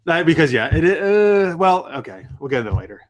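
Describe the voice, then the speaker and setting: A man's voice: fairly high pitch, sing-song, a little fast. A man hosting a casual podcast, talking loosely and swearing freely. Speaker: podcast host.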